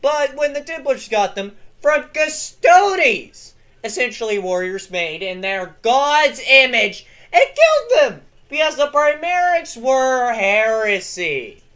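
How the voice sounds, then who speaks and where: A young adult lore channel host in casual commentary, hoarse from yelling and excitable, swearing freely. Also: sits high, takes it slowly, hardly any pauses.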